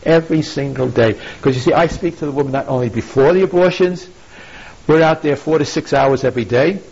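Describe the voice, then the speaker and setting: A man's voice: fairly high pitch, a little fast, gravelly, darkish tone, slightly rough. A man preaching a sermon, retelling an old story and acting out its lines, often asking "you see?". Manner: storytelling, acts out quotes, rhetorical "you see?". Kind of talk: sermon retelling a classic epic. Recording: dull lo-fi recording.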